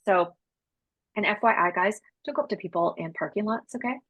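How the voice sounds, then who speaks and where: A woman's voice: medium pitch, brisk, husky, no echo, lo-fi sound. A woman guest telling a story in a casual interview, chatty and slangy, acting out the dialogue. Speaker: podcast guest, psychic medium.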